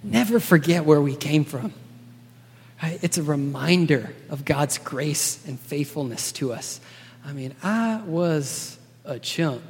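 Higher-voiced preacher in a reverberant hall. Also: male voice, expressive, takes it slowly, darkish tone, breathy edge. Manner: casual and earnest, often asks "right?". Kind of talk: conversational sermon. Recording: long reverb of a large hall.

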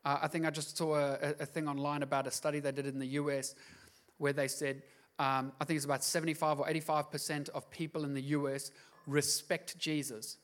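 A high-voiced man delivers a sermon from the pulpit. He talks plainly and personally, then climbs into loud, emphatic bursts. He sounds middle-aged and earnest. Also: flat delivery, a little fast. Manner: passionate, rising to emphatic outbursts. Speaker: pastor.

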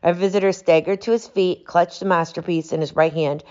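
A woman narrating a classic detective story in a measured, even reading style. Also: fairly low pitch, dull audio. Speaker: audiobook narrator. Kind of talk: audiobook narration.

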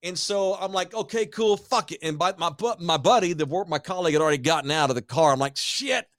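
A man hosting a podcast, telling a story in a profane, animated way and acting out every line of dialogue. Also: a little high, fast talker, no echo, studio quality. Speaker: podcast host. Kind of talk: storytelling chat.

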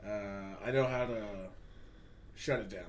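A man's voice: fairly low pitch, measured pace. Guy ranting about work on a podcast, swears a lot, bit of hiss behind. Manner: profane, ranting, animated storytelling. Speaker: podcast host. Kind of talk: casual chat. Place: Hollywood.

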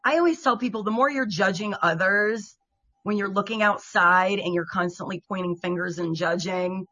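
A woman co-hosting a podcast talks casually and earnestly. Her voice is bright and forceful with a husky edge, and she sounds reflective as she explains her views. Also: medium pitch, normal speed. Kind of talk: casual chat.

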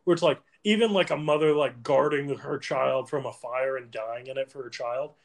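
A man's voice: mid-range voice, normal speed, vocal fry. A young man hosting a podcast, telling rambling anecdotes with lots of fillers and laughing through them. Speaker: podcast host. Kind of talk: casual podcast storytelling.

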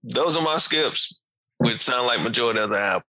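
Lively male co-host, bright forceful tone, dry close sound, casual slang. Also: medium pitch, fairly quick, no echo, rough recording. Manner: animated, laughs often, loose slang. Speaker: podcast co-host. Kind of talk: casual music review chat.

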